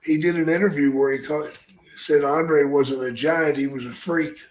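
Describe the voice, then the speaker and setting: An older man telling profane stories in casual chat, with a gruff manner and loud acted-out quotes. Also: on the high side, fairly even intonation, moderate pace. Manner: gruff, swears constantly, acts out quotes loudly. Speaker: podcast guest, storyteller. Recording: echoey room.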